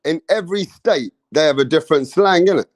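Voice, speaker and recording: An English man hosting a boxing live stream, chatting loosely with his viewers in a joking way and swearing often. His voice sits slightly high, and it is recorded on a close mic with a dry, dead sound. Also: brisk, no echo. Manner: casual, joking, swears freely, addresses viewers. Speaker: boxing channel host.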